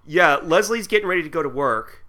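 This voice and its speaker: A man's voice: on the high side, lively intonation, fairly quick, bright, forceful tone. A man co-hosting a podcast, chatting casually and retelling scenes with strong opinions. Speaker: podcast co-host. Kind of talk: casual chat.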